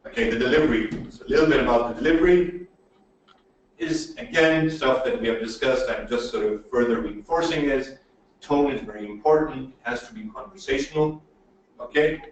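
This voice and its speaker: A man giving a webinar lecture on presentation skills, emphatic and animated, often checking in with "okay?". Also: mid-range voice, normal speed, very echoey, recorded from a distance, poor audio. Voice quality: animated, swings loud and soft.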